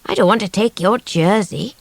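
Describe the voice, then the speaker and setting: A woman voicing a calm, weary man on the run, speaking low and unhurried, at times almost whispering. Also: no room sound, lightly acted.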